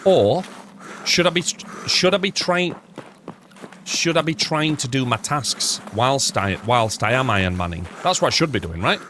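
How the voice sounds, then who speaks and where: A man streams a shooter game live, thinking aloud as he plays. He chats with his viewers between moves, tossing in jokes and the odd swear word. His voice sits at an ordinary middle pitch over a faint bed of noise. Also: expressive, moderate pace. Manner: rambling, thinking out loud, chatting to viewers; swears casually, jokey asides. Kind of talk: live gameplay commentary.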